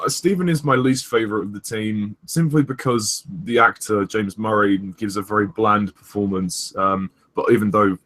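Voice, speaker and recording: A young man hosting a casual review chat, rambling with many pauses and restarts. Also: on the low side, a bit bright. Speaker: host of a review discussion.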